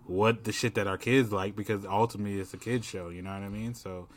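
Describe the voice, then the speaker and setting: Man, podcast co-host, casual chat, profane slang, a bit low-pitched. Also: fast. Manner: loose, profane, animated slang.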